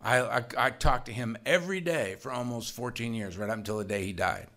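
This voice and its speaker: A man's voice: medium pitch, fairly quick, fairly bright tone. A middle-aged man telling his own recovery story at a meeting, with wry, self-mocking humor and grumbling asides.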